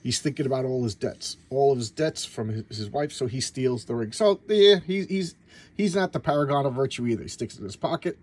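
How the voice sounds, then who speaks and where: A man in his fifties from the United States talks through an old comic in a loose, rambling way. He stumbles over his words and repeats them, then slips into quick voices for the characters. His voice has a faint husk to it. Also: medium pitch, a little mellow. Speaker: comic book collector reviewing back issues. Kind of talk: casual video review chat.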